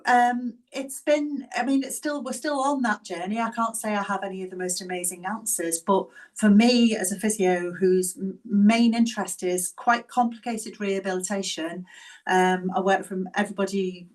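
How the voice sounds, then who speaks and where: A woman's voice: medium pitch, far from the mic, rough recording. A woman in her fifties from Liverpool with a Scouse accent, giving a chatty, self-deprecating personal talk as a physiotherapist. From England, Liverpool. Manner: chatty, self-deprecating, quick-talking when keen. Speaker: guest speaker, physiotherapist. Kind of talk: personal talk to a webinar audience.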